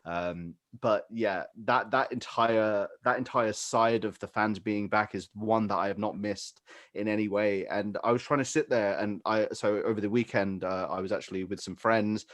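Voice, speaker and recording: A British man holds forth on a sports podcast, rambling and opinionated with plenty of "like" and "you know". His voice sits on the low side. The sound is dry and close, with no room around it. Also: steady tone, moderate pace, fairly bright tone, dry recording. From Britain. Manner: rambling, opinionated, many fillers. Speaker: podcast co-host. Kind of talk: casual chat.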